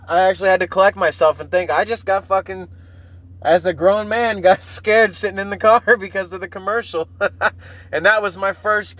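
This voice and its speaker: A man in his thirties with a high-pitched voice riffs through a casual solo podcast. He rambles, swears constantly and laughs at his own stories. The talk is loose and unscripted. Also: a bit bright, rough recording. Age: 30s. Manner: profane, rambling, laughs at himself. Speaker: podcast host.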